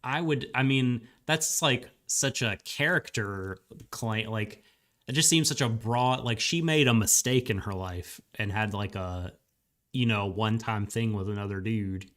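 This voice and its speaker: A man's voice: on the low side, unhurried, a bit bright. A man co-hosting a casual podcast discussion, hesitant, filling his talk with "like" and restarts. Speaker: podcast co-host.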